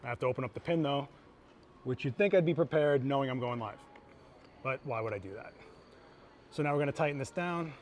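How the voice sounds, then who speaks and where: A man's voice: mid-range voice, brisk, long pauses, slight background noise. A man who is a photographer giving a live gear demo on a trade show floor. He talks in a casual, enthusiastic, chatty teaching manner.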